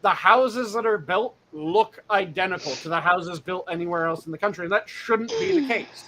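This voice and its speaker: A man's voice: high-pitched, animated, normal speed, pushed and bright. A man in casual chat, swearing freely as he pushes his opinions. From Ohio. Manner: cursing, opinionated.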